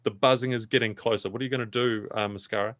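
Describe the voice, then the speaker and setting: A man at a mid-range pitch guides players through a tabletop adventure. He narrates in a measured, descriptive way. The sound is dry and close. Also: steady tone, a bit bright, no room sound. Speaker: dungeon master.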